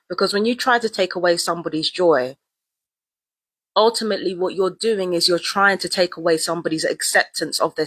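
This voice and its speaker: In a casual to-camera vlog, a woman rambles, repeats herself and drops slang throughout. Her voice is fairly low, fairly bright and slightly rough, recorded with no echo.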